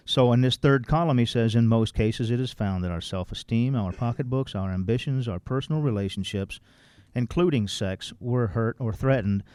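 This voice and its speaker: A man's voice: medium pitch, a little mellow, no echo. A middle-aged man leading a recovery workshop in a plain-spoken, blunt way, reading passages aloud and explaining them. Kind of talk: informal workshop talk.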